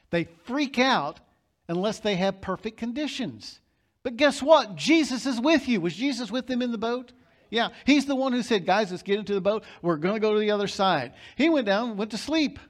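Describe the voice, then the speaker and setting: Guy preaching a sermon, pretty high voice, gets loud and punchy telling the story. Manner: emphatic, storytelling, building to loud peaks. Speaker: pastor.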